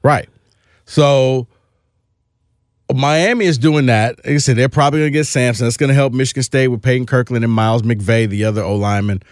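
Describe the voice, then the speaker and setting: A man's voice: medium pitch, steady tone, a little fast, no echo, studio quality. A man co-hosting a sports podcast, talking in a casual, emphatic and opinionated way, often restarting his phrases.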